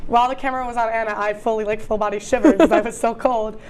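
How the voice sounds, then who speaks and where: A woman's voice: fairly high pitch, steady tone, fast talker, a loud crowd. A young woman in college co-hosting a student TV talk show, chatting casually and rambling with plenty of fillers. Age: young adult. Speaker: student co-host. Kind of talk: casual chat. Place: campus TV studio.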